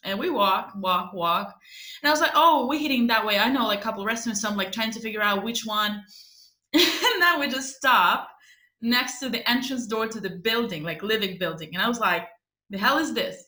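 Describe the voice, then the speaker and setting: A woman's voice: fairly high pitch, animated, fairly quick, bright, forceful tone. A young woman from Ukraine, chatting as a podcast co-host, swearing freely and laughing often as she tells a story. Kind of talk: casual storytelling chat. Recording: echoey room.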